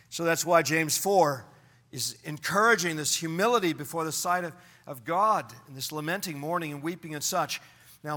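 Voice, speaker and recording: A man preaching a sermon, swinging from loud exhortation to near-whispered asides. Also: sits high, long reverb tail. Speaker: pastor.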